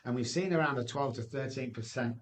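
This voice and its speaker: A man as a podcast guest, giving an animated testimony full of rhetorical questions. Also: mid-range voice, fairly quick.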